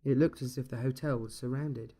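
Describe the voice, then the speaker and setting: A man reading a dark short story aloud in a steady, measured storytelling manner. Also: medium pitch. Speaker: narrator.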